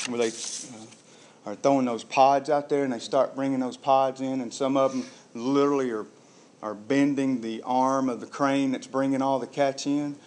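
A pastor preaching a sermon, telling the story vividly and acting out the voices of the people in it. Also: male voice, medium pitch, darkish tone.

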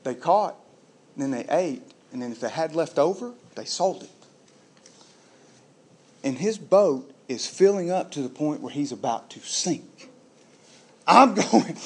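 A pastor preaching a sermon, telling the story vividly and acting out the voices of the people in it. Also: male voice, a little high, animated, takes it slowly, creaky, pauses often, darkish tone, husky.

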